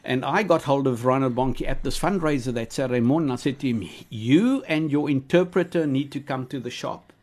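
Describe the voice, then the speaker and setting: A man's voice: mid-range voice, a little fast, darkish tone. A man from South Africa, a minister telling his story in a radio interview, repeating himself and checking in with "okay?". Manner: rambling, repeats words, frequent "okay?". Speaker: guest minister.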